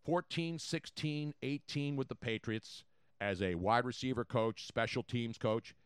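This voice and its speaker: A man hosting a sports talk show, excitable and chatty, repeating his points for effect. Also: a little slow, clean tone, dry recording, clean studio sound. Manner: excitable, repeats points, jumps in pitch and volume. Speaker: sports radio host.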